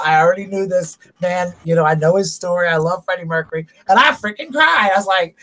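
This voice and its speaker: A man's voice: sits high, quick pace, pushed and bright. A middle-aged man from South Carolina hosting a casual chat, talking openly and rambling about family and feelings. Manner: open, rambling, confessional. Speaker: host.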